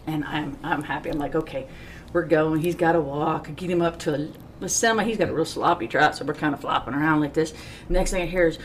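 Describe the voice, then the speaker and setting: A middle-aged woman on a podcast telling lively stories, acting out the voices of the people in them, with folksy slang and a sarcastic streak. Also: low-pitched, fast talker. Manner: self-described sarcastic. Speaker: podcast guest. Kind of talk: animated storytelling.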